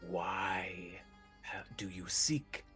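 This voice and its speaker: A man voicing a faceless cloaked shadow creature that questions slowly and menacingly. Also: sits low, fairly even intonation, pushed and bright, faint music behind, exaggerated voice. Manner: slow, drawn-out, interrogating.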